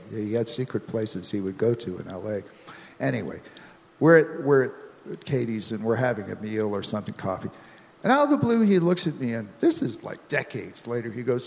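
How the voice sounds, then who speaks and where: Gravelly man telling a rambling story. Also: on the low side, in a large hall. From United States. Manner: rambling, chuckling storyteller with many restarts. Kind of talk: anecdotal storytelling.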